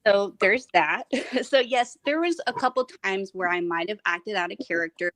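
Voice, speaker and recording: A woman's voice: mid-range voice, fairly bright tone, no echo. A woman in casual chat, telling a rambling story with frequent laughs.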